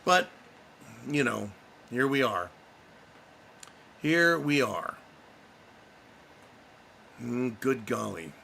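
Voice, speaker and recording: A man's voice: medium pitch, big pitch swings, drawn-out words, vocal fry, pauses often, bright, forceful tone, a little hiss or hum. A man hosting a livestream, giving angry, blunt political commentary and swearing freely. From United States. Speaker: livestream host.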